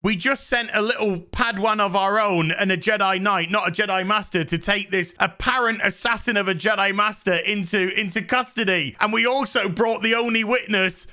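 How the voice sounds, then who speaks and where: A man mimicking a smug male Jedi official who calmly explains a blunder, in a flat, matter-of-fact tone. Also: sits high, normal speed, few pauses.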